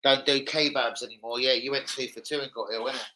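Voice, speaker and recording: A man's voice: medium pitch, fairly even intonation, fast talker, bright, forceful tone, rough recording. A man hosting a football fan channel, hyper and slangy, swearing freely through casual chat and a transfer news roundup.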